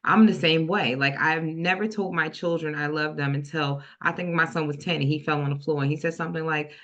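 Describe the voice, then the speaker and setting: A middle-aged woman hosting a casual podcast discussion, telling stories from her own parenting with lively quoted voices. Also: sits low, a little fast, muffled recording. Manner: storytelling, animated when quoting her son. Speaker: podcast host.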